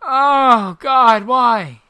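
A woman playing a video game and commenting as she goes, with constant swearing and loud, frustrated outbursts at the game. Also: a little high, very slow, clean tone. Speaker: let's play gamer. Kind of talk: live gameplay commentary.

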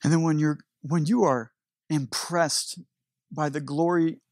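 A man's voice: on the high side, steady tone, measured pace, a little mellow, dry recording, clean studio sound. A man preaching a sermon as a pastor, telling a story animatedly with frequent restarts.

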